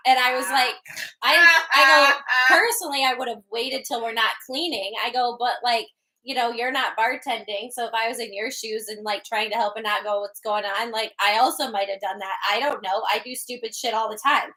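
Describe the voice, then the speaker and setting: Bright-voiced woman telling rambling stories. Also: a little high, steady tone, moderate pace, poor audio. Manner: rambling storytelling, heavy filler words, laughs. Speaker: podcast co-host. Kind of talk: casual chat.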